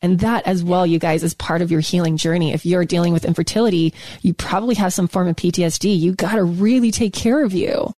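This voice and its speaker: A woman's voice: lowish voice, steady tone, a little fast, dark tone, no echo. A woman co-hosting a podcast in casual chat, emphatic and fond of repeating her key words. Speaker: podcast co-host.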